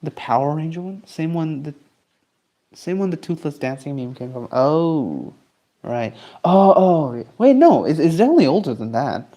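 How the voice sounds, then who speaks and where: A man's voice: fairly high pitch, normal speed. Easygoing male streamer chatting while drawing. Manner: relaxed, rambling, answers chat while drawing. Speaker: streamer and artist. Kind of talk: casual livestream chat.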